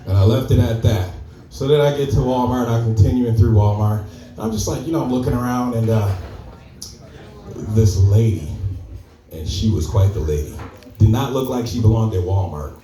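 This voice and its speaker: A man performing a stand-up story at an open mic, chatty and animated. His voice is mellow and dark rather than bright. The club room echoes, and he sounds a bit off the mic. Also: medium pitch, normal speed, far from the mic. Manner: conversational, animated character voices. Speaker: stand-up comedian.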